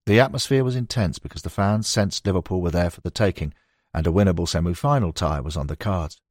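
A man reading a nonfiction book aloud in a measured, storytelling manner. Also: low-pitched, lively intonation, darkish tone, dry recording, studio quality. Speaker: audiobook narrator. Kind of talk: scripted nonfiction narration.

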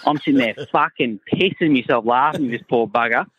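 A man's voice: mid-range voice, a little fast, slightly rough, no room sound, lo-fi sound. An Australian man telling a crude, rambling anecdote in a recorded voice message. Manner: crude, laid-back yarn-spinning. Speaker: caller sending in a voice message.

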